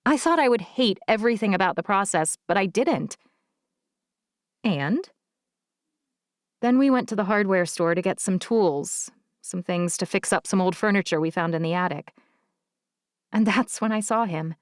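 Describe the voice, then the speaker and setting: Brief: woman narrator for first-person romance, mid pitch, heartfelt, dry close studio read. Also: lively intonation, moderate pace, long pauses, no echo. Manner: intimate, emotional first-person storytelling. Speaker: audiobook narrator.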